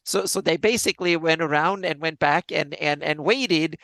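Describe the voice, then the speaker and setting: Man, podcast host, rambling, high and gravelly, close dry sound. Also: moderate pace, fairly bright tone, no room sound. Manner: rambling, with many restarts and "so to speak". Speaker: podcast host and game master. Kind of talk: casual chat about tabletop games.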